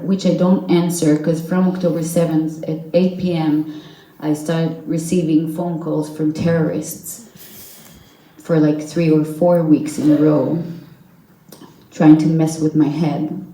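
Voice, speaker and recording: A young woman speaks slowly and earnestly, sometimes halting to find her words. Her voice sits low and mellow. The sound carries the roomy echo of a hall. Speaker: hostage's relative giving testimony. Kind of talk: personal testimony at a public event. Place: event hall with audience.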